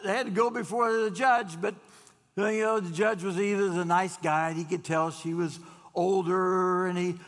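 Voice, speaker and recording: A man telling folksy jokes to a gathering, chatty with drawn-out pauses and frequent restarts. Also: high-pitched, fairly bright tone. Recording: long hall reverb.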